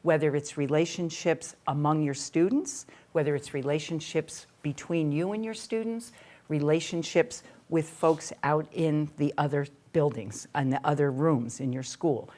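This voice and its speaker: Woman educator, low voice, earnest presenter who repeats key words. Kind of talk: introducing a teaching topic.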